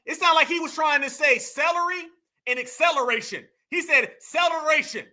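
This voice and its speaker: A man hosting a heated reaction commentary, mocking, slangy and often breaking into shouts. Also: very high-pitched, brisk. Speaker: commentary host reacting to clips.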